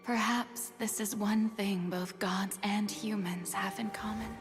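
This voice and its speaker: A woman voicing a theatrical young woman and former goddess in a video game, who speaks with a soft, hushed, dramatic delivery. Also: mid-range voice, steady tone, slow pace, close to an everyday voice. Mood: wistful. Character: theatrical young woman, once a goddess, facing her execution. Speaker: game character. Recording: game audio with loud music underneath.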